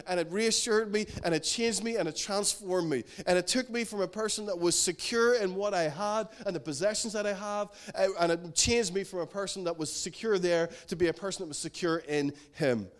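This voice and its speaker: A man's voice: high voice, a little fast, hardly any pauses. A man preaching a sermon in an earnest, emphatic way, repeating key phrases.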